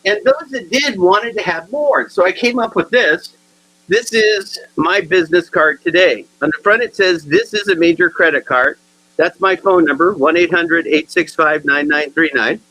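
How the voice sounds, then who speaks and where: A man giving a humorous keynote talk to realtors, acting out both sides of his stories with animated delivery. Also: high-pitched, normal speed, poor audio. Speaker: motivational speaker.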